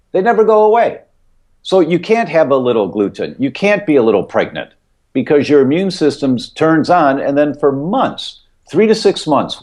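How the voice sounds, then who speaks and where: A man's voice: medium pitch, dark tone. A middle-aged man, a guest expert on a podcast, explains points emphatically, repeating key ideas and using vivid analogies.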